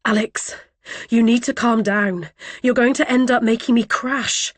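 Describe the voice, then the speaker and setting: A woman's voice: fairly high pitch, fairly even intonation, unhurried, no echo, voice pushed up. Woman doing a tense young man driver, pleading, dry audiobook read. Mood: urgent.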